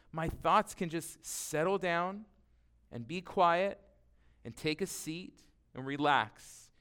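A man's voice: medium pitch, fairly bright tone, clear, resonant tone. A man preaching a sermon in an earnest, conversational way, often restarting his sentences as he explains. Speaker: pastor.

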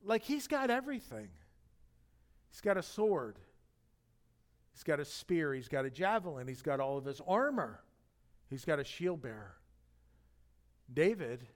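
Speaking at a fairly high pitch, a middle-aged man leads a sermon as pastor. His delivery is conversational and lively, built around stories sprinkled with humor and side remarks.

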